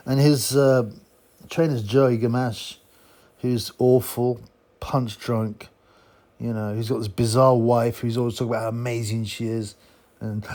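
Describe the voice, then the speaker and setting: A man's voice: mid-range voice, fairly even intonation, a little slow, dark tone. A man giving a blunt, mocking, casual monologue as a boxing commentator. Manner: blunt, mocking, chuckling asides.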